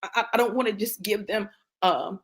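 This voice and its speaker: A woman's voice: medium pitch, fairly quick, breathy edge. A woman with grandchildren, speaking as a motivational speaker in an impassioned, preacherly testimony, repeating phrases for emphasis and checking in with "right?".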